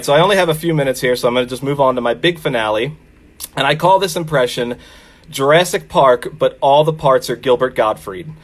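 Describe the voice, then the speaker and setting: A man doing stand-up at an online open mic, setting up his impressions with plenty of "uh"s. He talks at a mid pitch in an easy, self-deprecating way. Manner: self-deprecating, many "uh" fillers. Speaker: stand-up comic. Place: home, virtual open mic.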